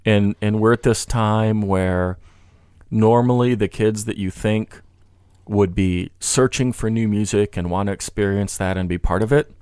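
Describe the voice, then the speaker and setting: Male podcast guest, low pitch, rambling and filler-heavy, dry close sound. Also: measured pace, darkish tone, clear, resonant tone, dry recording. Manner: rambling, many restarts and "you know" fillers. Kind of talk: casual podcast conversation.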